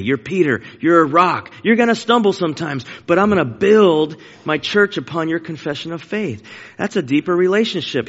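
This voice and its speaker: A male pastor preaching a sermon to his congregation, earnest and emphatic, repeating his key phrases. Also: mid-range voice. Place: church sanctuary. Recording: dull lo-fi sound in a long-reverb sanctuary.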